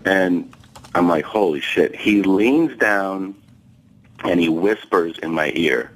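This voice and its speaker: A man's voice: sits low, slow, slight background noise, poor audio. A male comedian telling a profane anecdote on a talk show, acting out the dialogue and laughing along the way. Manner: animated, profane, acts out quoted dialogue, laughs mid-story. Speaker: guest comedian.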